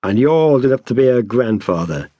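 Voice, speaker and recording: A blunt, menacing burglar as a man puts him on, clipped and plain-spoken, pitched a bit above the reader's own voice. Recorded dry and close. A storybook heavy with no patience. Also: expressive, fairly quick, dark tone, breathy edge, no room sound, lo-fi sound. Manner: blunt, clipped street talk.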